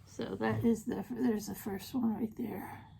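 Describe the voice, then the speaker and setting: A woman makeup vlogger with a slightly high voice, talking through a tutorial at an unhurried, drawn-out pace. She gushes over every shade and slips in playful asides. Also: steady tone, creaky, dark tone, slight background noise. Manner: chatty, gushing, jokey asides. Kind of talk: casual makeup tutorial with swatches.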